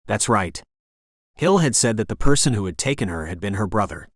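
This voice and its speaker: A male audiobook narrator telling a first-person romance with an intense, dramatic edge. His voice sits on the low side, and the studio recording is close and dry, with no room sound. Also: animated, fairly quick, dry recording.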